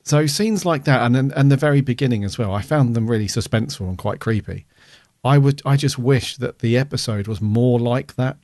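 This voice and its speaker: In a studio-quality recording without echo, a podcast co-host talks through a casual review chat. He speaks a little fast in a medium-pitched, darkish voice, rambling and using plenty of fillers.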